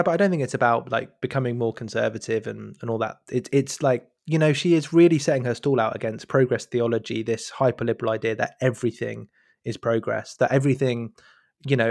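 A man's voice: mid-range voice, creaky, darkish tone, dry recording, studio quality. A man in a casual podcast discussion, thinking aloud and hunting for the right words. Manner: searching for words, many restarts.

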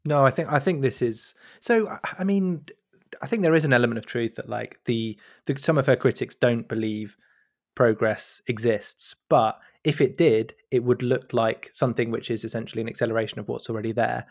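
A man's voice: medium pitch, brisk, a little mellow, dry recording, clean studio sound. A man in a casual podcast discussion, thinking aloud and hunting for the right words. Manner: searching for words, many restarts.

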